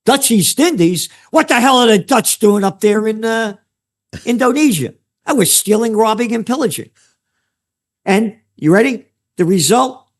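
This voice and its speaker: A man's voice: sits high, expressive, moderate pace. An older man from the Bronx with a New York accent, a trend forecaster ranting sarcastically and crudely as an interview guest. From New York City (the Bronx). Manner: sarcastic, crude, mocking asides. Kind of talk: heated interview rant.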